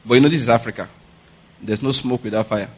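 A man's voice: medium pitch, fast talker, husky. A male pastor, preaching a conversational sermon and often checking that listeners follow. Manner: conversational preaching, keeps asking if the audience gets his point.

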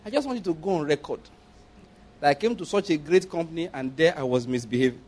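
A man's voice: on the high side, animated, quick pace, darkish tone. A middle-aged man with a Nigerian accent preaching a sermon, playful and acting out dialogue between points. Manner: playful, acts out dialogue, laughs often. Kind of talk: sermon with acted-out stories.

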